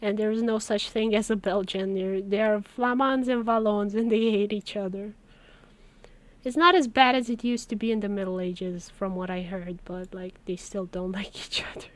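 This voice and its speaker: A woman's voice: mid-range voice, fairly even intonation, moderate pace. A woman from Romania, chatting casually on a live stream and telling stories with little laughs. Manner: chatty storytelling, laughs between words. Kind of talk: casual chat while working.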